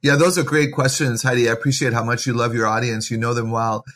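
A man's voice: medium pitch, steady tone, fast talker, a bit bright. A man speaking as a guest author in a podcast interview, giving earnest, encouraging parenting advice in a preacherly way.

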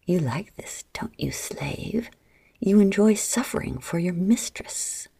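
A woman voicing a commanding, cruel mistress in a low, throaty whispered role-play. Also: animated, takes it slowly, gravelly, mellow, slightly rough, heavily acted. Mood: menacing.

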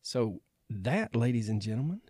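A man's voice: mid-range voice, very animated, normal speed, warm tone, no room sound. A man co-hosting a podcast, reading out facts in casual chat and slipping in dry wisecracks. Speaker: podcast co-host.

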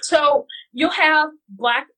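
A woman's voice: high voice, extremely slow, sharp tone, rough recording. A woman from West Central Missouri in casual podcast conversation, telling stories animatedly with lots of fillers and restarts.

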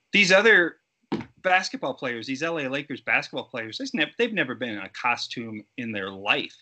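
A middle-aged man telling stories as an interview guest, animated and acting out quoted voices. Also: medium pitch. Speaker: interview guest, creature suit performer. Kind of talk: casual storytelling interview.

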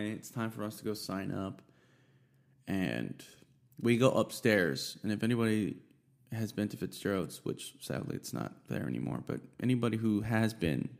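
A man's voice: on the low side, gravelly, a little mellow. A young man telling a rambling, profane story in casual chat, full of fillers and asides. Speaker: storyteller recounting a band experience.

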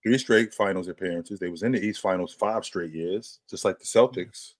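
A man's voice: sits low, moderate pace, no room sound. A man on a casual sports panel who argues emphatically and repeats his points. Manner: emphatic, repeats himself, many mm-hmms.

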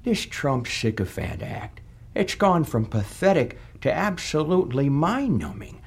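A man's voice: on the high side, big pitch swings, normal speed. A man playing the scornful, taunting ghost of an older male senator in a comedy audio sketch. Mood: scolding. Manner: taunting, sarcastic, scolding.

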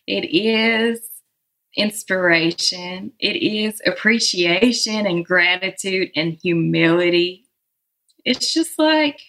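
A woman's voice: medium pitch, fairly bright tone. A woman with a Southern American accent, a musician guest speaking reflectively in an interview and laughing often. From Southern United States. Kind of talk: relaxed interview conversation.

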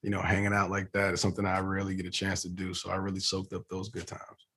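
Give me a man in a casual interview, relaxed and rambling, stopping and restarting. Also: low-pitched, quick pace, breathy edge. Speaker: actor being interviewed.

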